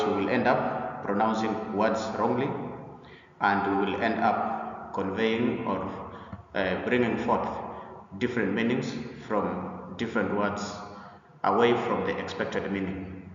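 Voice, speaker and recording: Man, teacher giving a lecture, lowish voice, deliberate and repetitive, echoey dull recording from a distance. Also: slight background noise. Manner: deliberate, repeats himself, frequent "uh" fillers. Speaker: English teacher presenting a lesson. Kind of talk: lecture-style lesson.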